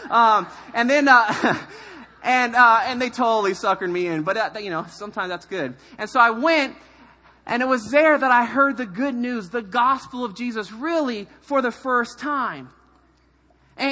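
A middle-aged man from California, a pastor telling his life story in a sermon, animated and self-mocking, acting out quoted voices. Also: very high voice. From California, USA. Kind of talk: sermon testimony.

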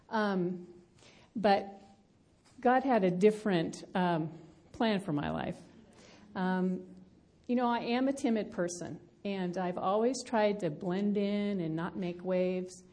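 Middle-aged woman teacher, mellow and unhurried, reflective, ums often, to a live room. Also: medium pitch. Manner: reflective, personal, frequent ums. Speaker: Bible study teacher. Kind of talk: teaching talk.

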